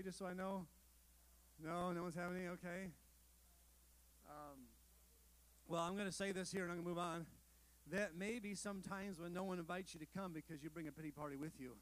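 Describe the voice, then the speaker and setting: Pastor guy with a pretty high voice, preaching casual, lots of asides and jokes at himself. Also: rough recording. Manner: conversational preaching with rhetorical questions and asides; self-deprecating humor with the congregation. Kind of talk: sermon.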